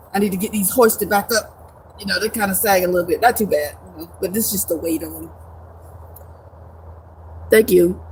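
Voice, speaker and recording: A woman's voice: medium pitch, a little hiss or hum. A young woman live streaming in casual chat, reading viewer comments with brash, profane joking and frequent laughter.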